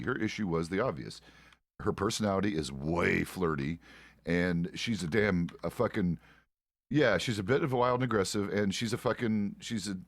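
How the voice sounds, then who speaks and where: Deep-voiced middle-aged man in role-play chat. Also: no room sound. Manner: rambling and profane, with many restarts. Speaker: streamer playing a frontier deputy.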